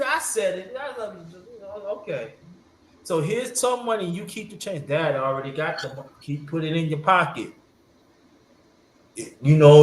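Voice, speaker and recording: A New York host with a slightly high voice tells a family story to a live audience in a casual, rambling way. He repeats words and acts out his relatives' lines, recorded in an echoey room with faint background hiss.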